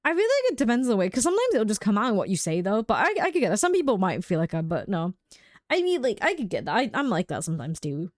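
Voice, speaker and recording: A woman's voice: medium pitch, big pitch swings, quick pace, darkish tone, no room sound, clean studio sound. A young adult woman streaming a game live, rambling and chatting casually with frequent laughs.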